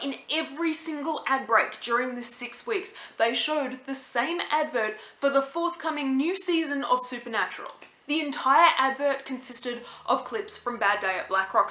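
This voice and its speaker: An Australian woman in her thirties, chatting fast and casually to her camera with plenty of "like". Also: fairly high pitch, pushed and bright, roomy sound. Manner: fast-talking, chatty, lots of "like". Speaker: vlogger.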